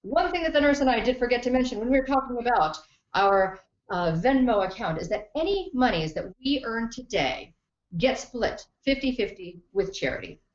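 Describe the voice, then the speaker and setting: Playful, lively-voiced woman comedy host. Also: a little high, normal speed. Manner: playful, theatrical, punny. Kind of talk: comic sketch hosting on a livestream. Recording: roomy, dull livestream audio.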